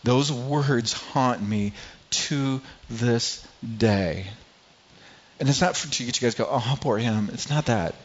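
A man preaching a sermon, telling a personal story in a halting way, often repeating words and growing quiet at painful moments. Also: medium pitch. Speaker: pastor. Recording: slightly dull lo-fi sound.

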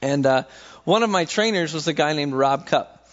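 A young man giving a conversational, sermon-style talk about faith, telling stories and acting out quotes in a lively way. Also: fairly high pitch, normal speed, dull audio. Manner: conversational storytelling, acts out quotes with voices. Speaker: speaker sharing faith reflections.

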